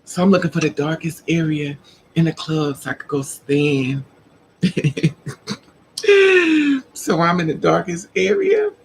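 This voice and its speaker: A woman's voice: low-pitched, very animated, measured pace, creaky, pauses often, slight background noise, rough recording. A woman vlogger casually telling a personal story to her viewers, acting out the dialogue and laughing often.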